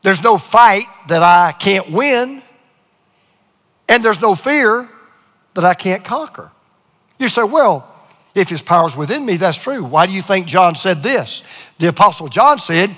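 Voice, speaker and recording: A male pastor gives an emphatic sermon in a lively, high-pitched voice that climbs and drops widely. His words ring out through a large church hall with long reverb. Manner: emphatic preaching with pauses and call-and-response.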